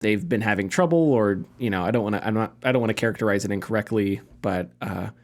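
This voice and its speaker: A man's voice: lowish voice, quick pace. A man hosting a casual podcast discussion, talking in a conversational way that hedges and thinks aloud. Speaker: podcast host.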